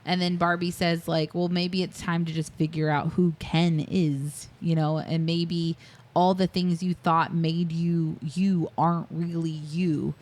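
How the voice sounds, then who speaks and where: A woman's voice: fairly low pitch, little pitch movement, a little slow, a little mellow. A woman co-hosting a casual podcast, walking through a movie scene by scene, acting out quoted lines with fillers and laughs. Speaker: podcast co-host. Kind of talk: casual movie recap chat.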